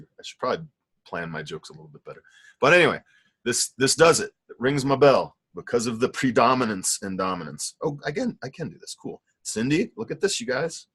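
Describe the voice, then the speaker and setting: A middle-aged art teacher running an online painting class critiques students' work with enthusiasm, rambling through lots of fillers and self-corrections. His voice is fairly low, a bit bright and husky.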